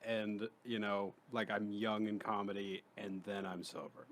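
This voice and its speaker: Young male comic guest, lowish voice, relaxed hesitant delivery, casual cursing. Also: a little slow. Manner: laid-back, hesitant, casual swearing. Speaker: comedian guest. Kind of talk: casual podcast interview. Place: podcast studio.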